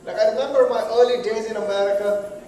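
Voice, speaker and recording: A man's voice: high voice, quick pace. Man doing stand-up, echoey distant stage sound. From South Asia. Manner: animated storytelling, acting out both sides of dialogue. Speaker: stand-up comedian. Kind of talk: stand-up comedy. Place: stage in a venue with audience. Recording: echoey, distant room recording with noise.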